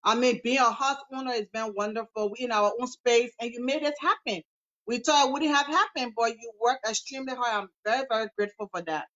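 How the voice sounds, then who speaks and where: A woman's voice: fairly high pitch, a little fast, fairly bright tone, lo-fi sound. A woman and new homeowner, speaking effusively on a video call and thanking her agent over and over. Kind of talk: grateful testimonial on a video call.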